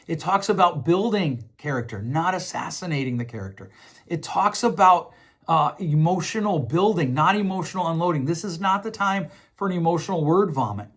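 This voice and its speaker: A man's voice: high-pitched, animated, brisk, a bit bright, slightly rough. A middle-aged man hosting a podcast, talking earnestly through relationship advice in a reflective monologue, often restarting and repeating himself. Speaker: podcast host.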